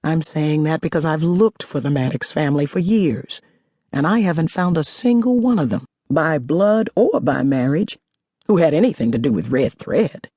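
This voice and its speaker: A woman voicing a blunt, determined male whiskey collector in an audiobook reading, lowering her voice for him. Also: lively intonation, moderate pace, warm tone, slightly rough, no room sound. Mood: wary. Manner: blunt, exasperated.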